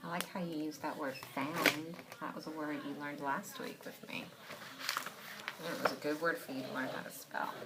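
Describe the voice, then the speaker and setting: Woman reading teacher, low voice, patient, encouraging, noisy recording. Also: steady tone, moderate pace. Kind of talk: one-on-one reading lesson.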